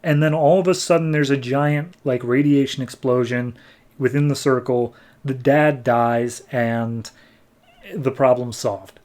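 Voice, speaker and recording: A man's voice: medium pitch, fairly even intonation, unhurried, a little mellow. Rambling male comic-book podcast host. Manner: rambling, lots of "like", acts out characters. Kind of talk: casual comic recap and review.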